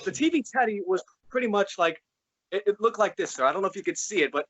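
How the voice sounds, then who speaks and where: A man hosting a casual fan interview, talking in a rambling, halting way with many restarts. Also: sits high, animated, a bit bright, dry recording, muffled recording. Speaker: podcast host.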